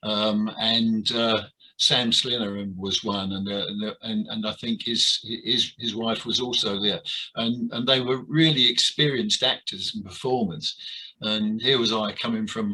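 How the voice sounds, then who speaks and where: An older man being interviewed about his years in amateur theatre, talking with many pauses, fillers and restarts. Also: on the low side, fairly even intonation, sharp tone, breathy edge, rough recording. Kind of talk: reminiscing interview.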